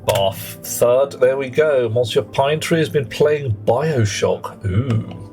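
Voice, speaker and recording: A man's voice: medium pitch, lively intonation, takes it slowly, a little mellow, soft background music. A British man chatting playfully with viewers while live-streaming a game and thinking aloud. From Britain. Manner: chatty and playful, greets chat, muses aloud. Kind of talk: live gameplay commentary.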